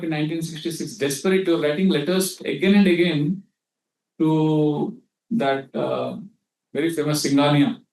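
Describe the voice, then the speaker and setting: A man's voice: fairly high pitch, darkish tone. A man with an Indian accent giving a scriptural lecture, telling anecdotes and acting out quotes, mixing in Hindi. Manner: storytelling, mixes in Hindi, acts out quotes. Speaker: spiritual teacher. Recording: echoey hall, mic at a distance.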